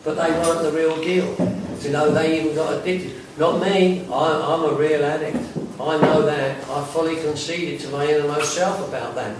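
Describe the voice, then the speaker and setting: A man with a fairly high voice and fairly even intonation speaks at normal speed with few pauses, giving a blunt, conversational talk to a recovery group, peppered with laughs and asides. He's a recovery workshop speaker in a meeting room, recorded from a distant mic in a very echoey space with faint noise.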